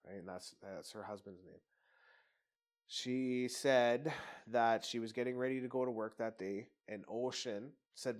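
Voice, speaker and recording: A man's voice: medium pitch, a little slow. A man telling a personal story in casual, rambling talk, candid and peppered with swearing.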